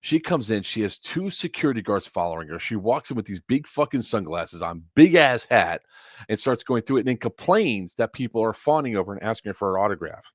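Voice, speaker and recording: Low-voiced man telling rambling stories. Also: very animated, a little fast, dry recording. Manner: profane, rambling, laughs often. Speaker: charity livestream host. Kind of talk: casual anecdote storytelling. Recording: dull lo-fi stream audio.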